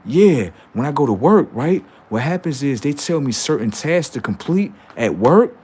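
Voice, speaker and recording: This is a defensive working man, insistent and a little raised, as a streamer puts him on. He sits at an ordinary pitch and presses his point. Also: sing-song, normal speed, darkish tone, slightly rough.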